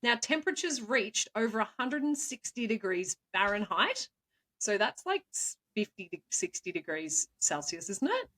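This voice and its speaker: A woman co-hosting a podcast, playfully telling stories with quick asides and frequent laughs. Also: medium pitch, sing-song, pushed and bright. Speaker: co-host, storyteller. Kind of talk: casual chat.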